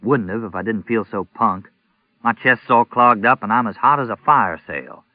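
A man's voice: on the low side, normal speed, no room sound, natural voice. A man voicing a heavy, ailing middle-aged rural sheriff with a folksy manner. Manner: folksy, drawling, a bit weary. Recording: tinny narrow-band audio.

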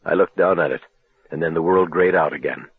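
Husky male audiobook narrator on a tinny line. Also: no room sound. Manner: measured, low, dramatic storytelling. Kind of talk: first-person novel narration. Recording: tinny phone-like dry recording.

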